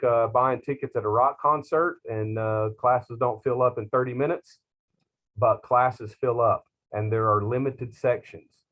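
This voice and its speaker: A middle-aged man, a culinary instructor talking to his class in a slow, rambling, self-teasing way with many fillers. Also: medium pitch, a bit bright. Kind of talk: class talk to students.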